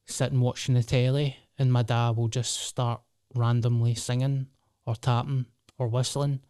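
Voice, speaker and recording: A man's voice: mid-range voice, level tone, moderate pace, dark tone, clean tone, no room sound, clean studio sound. A Glaswegian man in his thirties hosting a solo podcast, rambling and swearing in a jokey, casual way. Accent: Scottish, Glasgow. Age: 30s. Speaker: podcast host.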